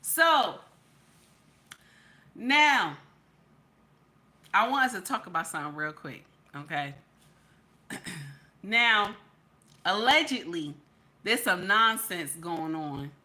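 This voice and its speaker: A woman hosting a livestream, chatting casually with viewers and reading their comments, animated and tagging "okay?" onto nearly every point. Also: lowish voice, takes it slowly, long pauses. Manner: animated, repeats "okay?" constantly. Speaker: livestream host.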